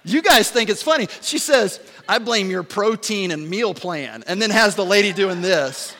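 A man in his forties, a pastor giving a sermon as an animated, joking storyteller. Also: sits high, moderate pace, slight background noise. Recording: long hall reverb.

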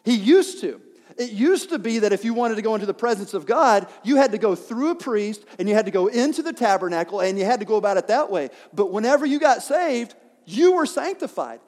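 A man's voice: sits high, sing-song, brisk, a little mellow. A young man preaching a sermon in a church, talking animatedly and asking the congregation questions. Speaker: pastor. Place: church sanctuary. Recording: long reverb of a church hall.

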